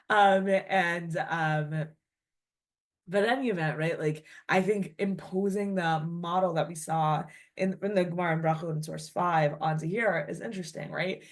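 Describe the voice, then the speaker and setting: A woman with a slightly low voice leads a text-study class. She talks it through casually, checking in with her listeners and translating Hebrew and Aramaic phrases as she goes. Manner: thinks aloud, checks in with "right?" and fills pauses with "like" and "um". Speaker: Torah teacher. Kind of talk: conversational text-study lecture.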